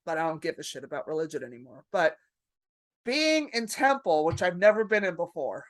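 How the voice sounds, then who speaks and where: A woman comedian, a podcast guest, telling stories in a lively, profane way and acting out her own panic. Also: lowish voice, brisk, no echo, clean studio sound. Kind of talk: casual podcast storytelling.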